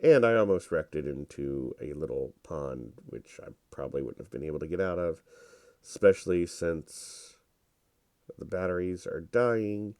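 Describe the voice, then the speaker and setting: A congested man talks through his gameplay in a relaxed, rambling way. His voice is deep, mellow and smooth, and he takes his time. The recording is dry and close. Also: moderate pace, no room sound. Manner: relaxed, rambling and self-deprecating. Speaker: gameplay commentator. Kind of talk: casual gameplay commentary.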